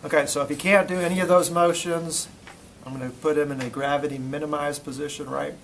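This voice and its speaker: A man's voice: a little high, steady tone, fairly quick, a bit bright, slight background noise, poor audio. Man teaching a hands-on anatomy class. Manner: questioning students, demonstrating on a volunteer. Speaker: physical therapy instructor. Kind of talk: classroom demonstration lecture.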